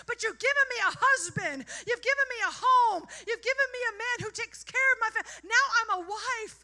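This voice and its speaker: A woman's voice: fairly high pitch, big pitch swings, moderate pace, voice pushed down. A woman preacher voicing Ruth, a humble foreign young woman praying to God in fervent, tearful gratitude. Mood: overjoyed praising. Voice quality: tearful, rising to shouting praise. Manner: fervent prayer addressed to God.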